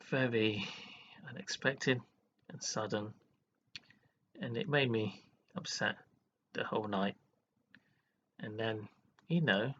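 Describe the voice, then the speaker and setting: An upset man speaks slowly in a low, gravelly voice with a sharp edge, rambling and close to tears as he talks to his webcam. The audio is dull and lo-fi, with a faint hiss behind him. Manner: upset, rambling, frequent "you know". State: emotional, near tears. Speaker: teacher. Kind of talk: emotional personal vlog. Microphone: webcam mic.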